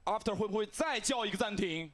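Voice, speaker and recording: A man giving energetic, emphatic play-by-play on a live esports broadcast. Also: high-pitched, quick pace. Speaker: esports commentator.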